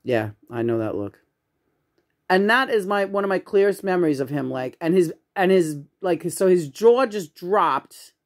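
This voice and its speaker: A woman's voice: lowish voice, lively intonation, normal speed. A woman telling casual family stories at a home memorial in a rambling way, with many fillers and restarts. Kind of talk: casual storytelling.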